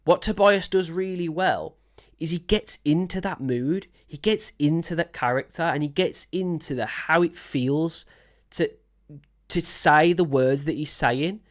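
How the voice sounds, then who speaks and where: Picture a woman with a low, deep-set speaking voice hosting a music reaction. She rambles happily, piling on fillers and gushing over what she hears, in a loose and casual commentary. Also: unhurried. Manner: enthusiastic, rambling with many fillers.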